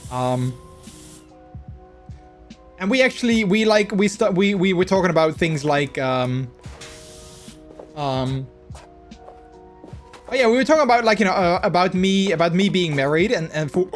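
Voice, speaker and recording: A man's voice: high-pitched, expressive, measured pace, pauses often, faint music behind. A man with the hiccups chatting casually on a live stream, rambling through his stories with many restarts. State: has the hiccups.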